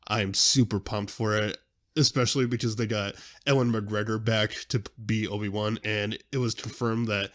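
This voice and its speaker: A young man hosting a podcast in a casual, excitable, rambling way, often interrupting himself mid-sentence. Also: lowish voice, normal speed. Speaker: podcast host.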